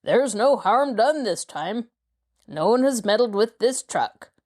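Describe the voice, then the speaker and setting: A woman's voice: on the high side, lively intonation, measured pace, a little mellow. Woman doing a snarling robber boss. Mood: growling. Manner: growling, snarling orders. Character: gruff bossy male robber gang leader. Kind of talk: audiobook character voice.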